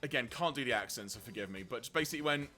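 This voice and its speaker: A man's voice: medium pitch, lively intonation, racing, bright, forceful tone, faint music behind. Chatty man laughing through stories. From England. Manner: laughs often, tells stories animatedly. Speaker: streamer co-host. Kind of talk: casual chat while gaming.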